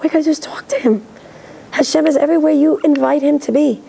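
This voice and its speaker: A middle-aged woman lecturing in a synagogue, talking directly and lively and acting out parents' voices. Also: high voice, a little fast, creaky, rough recording.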